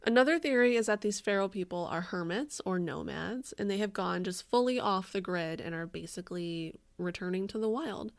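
Woman, podcast co-host, casual, swears a lot, mid pitch. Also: normal speed, creaky, hardly any pauses. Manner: chatty, swearing, laughing often. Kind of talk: casual chat.

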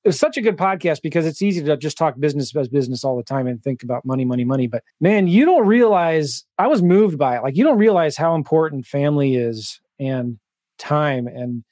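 A man hosts a podcast in a relaxed, chatty way, trading questions and personal stories with his guest. His voice sits a little above the usual male pitch and sounds dry and close, with no room around it. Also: brisk, dry recording. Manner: chatty storyteller, leads the questions. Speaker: podcast host. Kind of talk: casual podcast interview.

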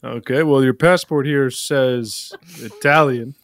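A man performing in an improv comedy scene, blustery and excitable. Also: medium pitch, slow pace, no echo, studio quality.

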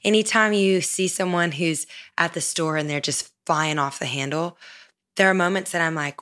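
A woman hosts a podcast interview in a fairly low voice. She talks with enthusiasm, reacts warmly to her guest and laughs easily. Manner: enthusiastic, affirming, quick to laugh. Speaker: podcast host. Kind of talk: conversational interview.

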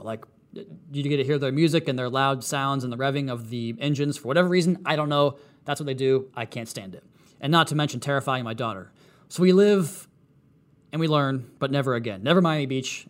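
A man in his thirties hosting a casual fan podcast, talking animatedly with dry, sarcastic asides. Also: medium pitch. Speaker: podcast host. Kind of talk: casual monologue.

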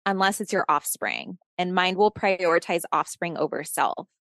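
A woman in her thirties telling a personal story in a casual interview, animated and profane, laughing often and acting out shouted quotes. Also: lowish voice, normal speed, dry recording, clean studio sound.

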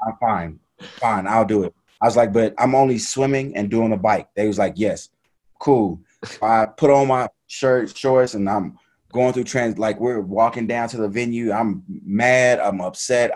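Low-voiced man telling a story. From United States. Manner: animated, laughing retelling with quoted voices. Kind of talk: casual storytelling.

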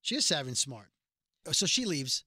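A man casually co-hosting a podcast, animatedly retelling a TV episode and quoting its characters in quick bursts. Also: on the high side, very animated, sharp tone, breathy edge, no room sound. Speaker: podcast co-host recapping a TV episode. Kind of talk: casual chat.

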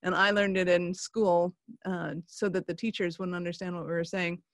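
A woman's voice: fairly low pitch, level tone, normal speed, no echo, studio quality. A woman from Canada, a guest in a casual chat, who is upbeat and laughs often.

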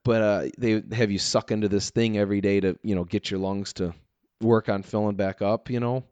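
A man telling a wild story in casual chat, animated, laughing often and saying "dude" and "like". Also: fairly low pitch, brisk, smooth, dry recording, highs cut off.

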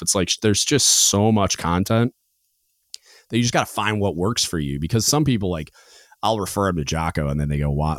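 A man's voice: low-pitched, dry recording, clean studio sound. A young man hosting a podcast in casual chat, rambling with lots of "like" and "dude". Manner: rambling, filler-heavy, says "like" and "dude" a lot. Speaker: podcast host. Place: home podcast studio.

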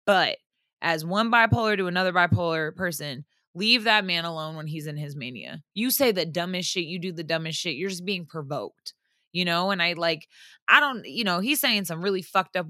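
A woman's voice: fairly low pitch, sharp tone, dry recording, clean studio sound. A woman in her thirties talking candidly in a casual podcast chat, swearing freely and laughing often. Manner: frank, profane, laughs often.

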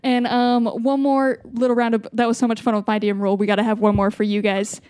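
An upbeat young woman hosts a casual party game, playful and swearing freely. Her voice sits fairly high, and the sound is dry and close. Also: flat delivery, fairly quick, darkish tone, dry recording. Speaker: host. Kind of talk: casual game show chat.

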